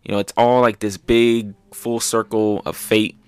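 A young man casually recapping manga chapters, excited and loose, with lots of fillers. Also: lowish voice, unhurried, clear, resonant tone, no echo. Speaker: manga reviewer.

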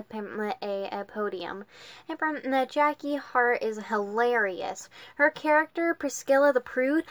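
Woman reading a kids novel out loud, stumbles a lot, higher voice, dry sound. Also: no room sound. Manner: halting, many fillers and restarts. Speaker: reader.

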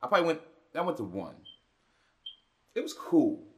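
A man's voice: a little high, big pitch swings, moderate pace, darkish tone. A man co-hosting a casual podcast, telling profane anecdotes.

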